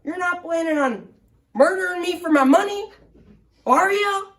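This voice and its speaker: A man's voice: extremely high pitch, normal speed, a bit bright, pitched above the performer's own voice. A man voicing a cranky, forgetful hundred-year-old man who rambles through his old stories in a quavering old-timer twang. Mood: confused, suspicious. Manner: crotchety, easily offended, repeats his stories. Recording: roomy, distant mic.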